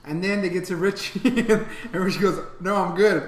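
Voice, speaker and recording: A man co-hosting a podcast, joking and chatting casually in an excitable way. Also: sits high, moderate pace. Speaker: podcast co-host. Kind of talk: casual chat. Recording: echoey room with faint noise.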